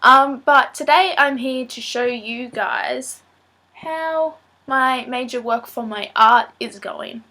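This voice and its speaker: A woman's voice: high-pitched, takes it slowly, pushed and bright. Nasal, stuffy-nosed teenage girl. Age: late teens. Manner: chatty and rambling, many ums. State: blocked nose, sore throat. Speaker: student vlogger. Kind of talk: casual vlog talk to camera.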